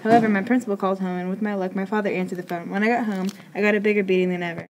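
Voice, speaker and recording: A woman reading a story aloud in a quick, plain way, with small stumbles now and then. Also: medium pitch, fairly even intonation, heavy background noise.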